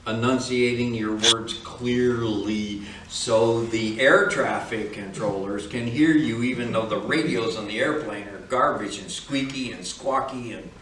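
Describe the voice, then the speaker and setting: A man's voice: medium pitch, unhurried, few pauses, a bit bright, slight background noise. A man instructing flight students in a classroom, speaking in a firm, direct, lecturing manner. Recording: echoey room, from far off.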